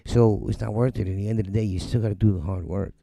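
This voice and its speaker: A middle-aged man talks loosely and profanely on his music livestream, blunt and animated as he mocks other people's takes. His voice is deep-toned and heavily gravelly with lots of fry. The sound is close and dry, with little room around it. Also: fast, no room sound. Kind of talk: casual live-stream rant. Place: home studio.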